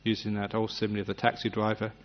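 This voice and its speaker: Gentle low-voiced man giving a dharma talk. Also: monotone, quick pace. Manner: gentle, humorous, acts out little scenes. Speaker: meditation teacher. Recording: dull lo-fi recording.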